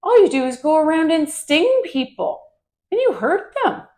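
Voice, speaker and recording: A woman's voice: high-pitched, very animated, normal speed, a little mellow, voice pushed up. A woman voicing a mean male frog who scolds a bee in a children's yoga story. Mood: scolding. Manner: scolding, accusing.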